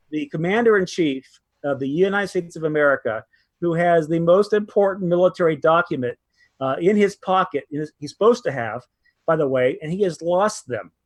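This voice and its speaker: A man's voice: a little high, no room sound. A man telling a story as an interview guest, emphatic, with frequent restarts. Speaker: guest, former military aide.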